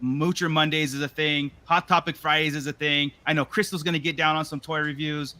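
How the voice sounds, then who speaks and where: A man's voice: on the high side, level tone, brisk, pushed and bright. A man hosting a casual livestream podcast, chatty and loose, thanking viewers. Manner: loose, chatty, laughs often. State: tired. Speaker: podcast host.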